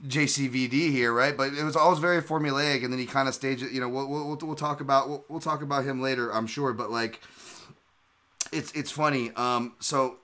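Guy hosting a podcast, bright forceful voice, talks in bursts and restarts. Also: mid-range voice, brisk. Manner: animated, rambling with restarts. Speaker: podcast host. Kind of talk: casual chat.

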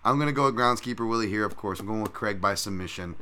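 Man, podcast host, casual betting breakdown, heated and profane, lowish voice, forceful tone. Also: fast, clean tone.

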